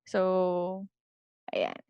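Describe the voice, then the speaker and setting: A woman's voice: on the low side, sing-song, very slow, vocal fry, clean tone, no echo, highs cut off. A woman with a Filipino accent teaching an online philosophy class, switching between English and Tagalog in a chatty way and often checking in with "okay?".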